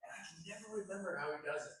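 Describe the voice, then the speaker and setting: A man's voice: high voice, rapid-fire, fairly bright tone. A man on a convention panel telling anecdotes in a laughing, self-deprecating way. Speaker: panel guest actor. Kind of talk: anecdotal storytelling. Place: large convention hall. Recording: echoey hall, taped from far off.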